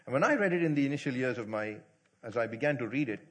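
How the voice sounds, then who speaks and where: A man's voice: medium pitch, expressive, quick pace. A middle-aged man preaching a sermon to his congregation, telling a Bible story with repeated phrases and acted-out voices. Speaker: pastor.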